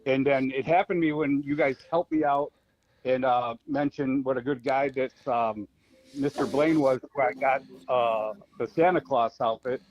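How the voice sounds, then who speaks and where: Man, podcast co-host, mid pitch, rambling, filler-heavy storytelling. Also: fairly even intonation, moderate pace, darkish tone, lo-fi sound, slight background noise. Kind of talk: casual podcast chat over remote call.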